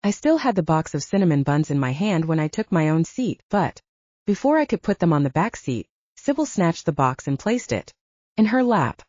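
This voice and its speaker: A woman narrating a first-person audiobook in an expressive storytelling manner, close to the mic. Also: low-pitched, moderate pace, no room sound. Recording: slightly dull, dry recording.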